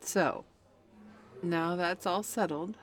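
Smug, taunting best friend, played by a young woman; low and unhurried, playful edge throughout. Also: faint music behind. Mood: teasing. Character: cocky, teasing female best friend. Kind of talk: audio role-play.

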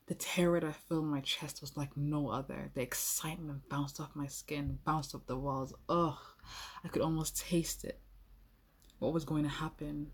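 A woman's voice: sits low, steady tone, normal speed, breathy edge. A young adult woman telling an intimate first-person role-play story, playful and speaking straight to the listener.

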